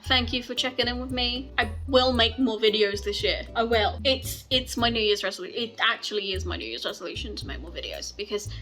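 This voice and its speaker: A woman's voice: on the high side, brisk, few pauses, bright, forceful tone. A woman book vlogger giving casual recommendations, gushing and rambling in a chatty way with frequent laughs.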